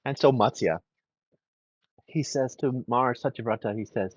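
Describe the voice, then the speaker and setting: A man's voice: mid-range voice, normal speed, pauses often, dry recording. A man, a guest astrologer, teaching and retelling a story in conversation with frequent restarts. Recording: dull lo-fi dry recording.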